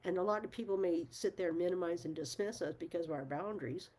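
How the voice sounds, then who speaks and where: A woman's voice: fairly low pitch, quick pace, a little mellow. A middle-aged woman talking frankly to her viewers, emphatic, swearing at times and laughing often. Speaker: channel host. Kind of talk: casual talk to camera.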